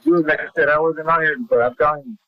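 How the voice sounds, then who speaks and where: A man's voice: a little high, fairly even intonation, quick pace, highs cut off. A man being questioned who talks in a hedging, rambling way with many fillers. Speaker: suspect in questioning. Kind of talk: casual talk, archive footage.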